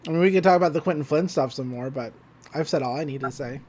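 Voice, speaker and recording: A low, darkish female voice belongs to a podcast co-host chatting casually as she retells an episode. She acts out scenes with quick voices and laughs along.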